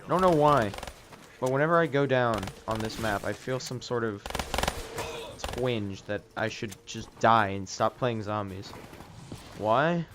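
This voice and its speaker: A man's voice: medium pitch, measured pace, noisy background. A man doing casual commentary over an online game, sarcastic and ranting, swearing freely and joking about the other players. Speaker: gaming YouTuber.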